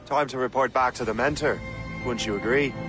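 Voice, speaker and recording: A man's voice: mid-range voice, fairly quick, over loud music, natural voice. An actor playing a rousing male sailor on a ship's crew in a video game. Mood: hearty.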